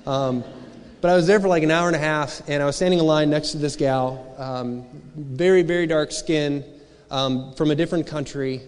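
A man's voice: on the high side, fairly even intonation, moderate pace, clean tone. A man preaching a sermon as pastor, talking in a conversational, searching way full of rhetorical questions. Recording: long hall reverb.

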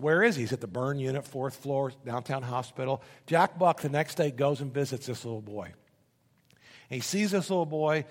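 A man preaching a sermon as a pastor, telling a story with energy and rising to emphatic bursts. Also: a little high. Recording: long reverb of a large hall.

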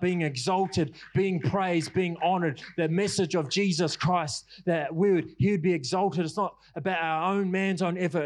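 A man preaching a passionate sermon, repeating his lines for emphasis and using casual fillers. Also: high-pitched. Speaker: pastor.

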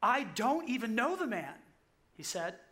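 A man preaching a sermon, telling the story vividly, acting out quotes and repeating key lines slowly. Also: very high voice, big pitch swings, pushed and bright. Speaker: pastor.

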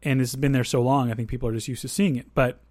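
A man hosts a podcast in an easygoing, conversational way, drifting into asides and restarting his thoughts. His voice sits at a middle pitch. The recording is dry and close. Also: fairly even intonation, quick pace, a little mellow, dry recording. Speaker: podcast host. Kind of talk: casual podcast discussion.

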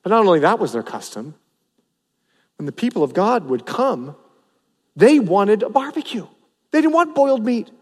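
Animated high-voiced preacher in a reverberant hall. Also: male voice, moderate pace, long pauses. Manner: animated, acts out the people he preaches about, voice rising and dropping. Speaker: pastor. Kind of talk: sermon. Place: church sanctuary.

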